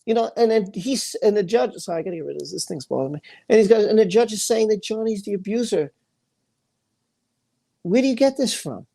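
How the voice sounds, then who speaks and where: Man, livestream host, angry rant, warm dark tone, emphatic, repeats words. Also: sits high, lively intonation, fairly quick, vocal fry. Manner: emphatic and repetitive, stumbles over words.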